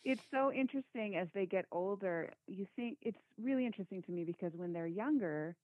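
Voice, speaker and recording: Mom on a tinny phone line. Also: female voice, medium pitch, lively intonation, a little fast, no echo. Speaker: podcast guest, quilter. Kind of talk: casual chat.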